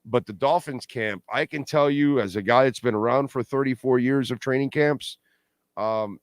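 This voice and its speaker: A middle-aged man hosting a postgame sports talk livestream, animated and blunt, repeating points for emphasis. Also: medium pitch, no echo, clean studio sound. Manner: blunt and salty, pleads with viewers. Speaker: sports talk show host.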